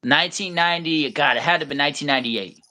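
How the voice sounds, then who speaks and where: A man's voice: a little high, fast talker, bright, forceful tone. Rambling, profane man telling stories. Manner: rambling storyteller, mimics people in silly voices; profane, blunt. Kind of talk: casual chat.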